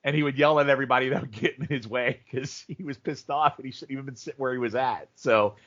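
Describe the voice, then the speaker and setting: A man co-hosting a podcast, telling stories in animated, rambling casual chat and jumping into goofy impressions. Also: mid-range voice, quick pace. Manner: animated storyteller, mimics people in funny voices. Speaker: podcast co-host. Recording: dull lo-fi audio.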